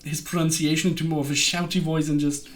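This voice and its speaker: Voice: mid-range voice, little pitch movement, fast talker. A livestreamer chatting casually and rambling, with frequent giggles between sentences. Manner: rambling, gushing about a web series. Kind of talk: casual stream chat.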